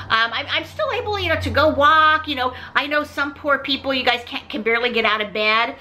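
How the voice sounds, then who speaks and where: A woman's voice: high voice, expressive, brisk, bright, forceful tone. A middle-aged woman hosting a vlog, telling a personal story in a chatty way and often turning to her viewers. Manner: chatty, keeps saying "you guys". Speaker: vlog host.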